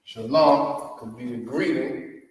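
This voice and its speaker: A man's voice: medium pitch, takes it slowly, a little hiss or hum. A man giving a casual, repetitive religious language lesson, often checking that listeners follow. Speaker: religious teacher. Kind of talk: street preaching lesson. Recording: echoey, from far off in a reverberant space.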